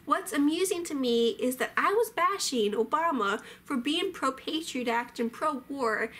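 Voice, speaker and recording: High-voiced woman, wry and chatty. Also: slight background noise. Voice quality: animated, sarcastic, drops into asides. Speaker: vlogger. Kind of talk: casual commentary on old clips.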